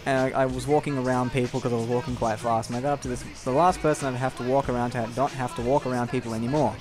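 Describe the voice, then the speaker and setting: A man's voice: mid-range voice, fairly even intonation, very fast, over music. A young man telling a long, rambling personal story over gameplay, candid and casual with frequent swearing. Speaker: gameplay commentator.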